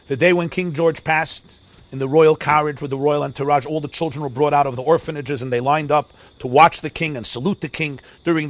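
Recorded outdoors near a forest, a rabbi with a fairly high voice preaches a sermon through a story. He's dramatic, swinging between loud and hushed, and mixes in Hebrew and Yiddish phrases.

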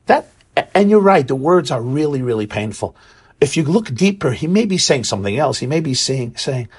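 A man's voice: mid-range voice, lively intonation, a little fast, a little mellow, husky. A man teaching a Torah class, earnest and searching for words, often restarting phrases as he explains. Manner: earnest, searching for words, acts out quoted voices.

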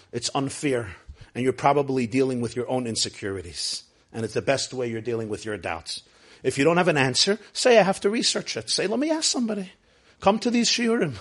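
A man with a high voice gives a Torah class. He speaks emphatically and keeps putting rhetorical questions to his listeners. He swings from hushed, slowed-down lines to loud, driving ones. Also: breathy edge. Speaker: Torah teacher.

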